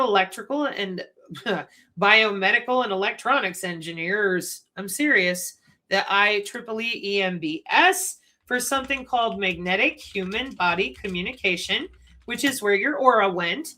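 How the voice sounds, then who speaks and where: Bright-voiced woman lecturing to her channel. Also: mid-range voice. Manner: animated, conspiratorial lecturing with rhetorical questions. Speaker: channel host. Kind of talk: commentary.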